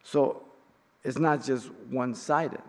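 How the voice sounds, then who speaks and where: A middle-aged man teaching an in-depth Bible study, speaking in a measured, emphatic way with pauses and occasional fillers. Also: mid-range voice, steady tone, a little mellow. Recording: long reverb in a hall.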